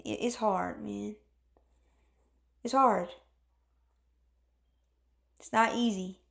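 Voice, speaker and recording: A woman's voice: mid-range voice, creaky, reverberant. A woman giving a casual motivational talk, earnest and encouraging, repeating herself and acting out moods as she speaks.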